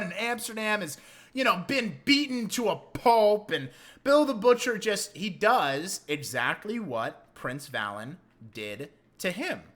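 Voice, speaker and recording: A man giving a casual film review, retelling scenes in an excitable, profane and animated way. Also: sits high, unhurried.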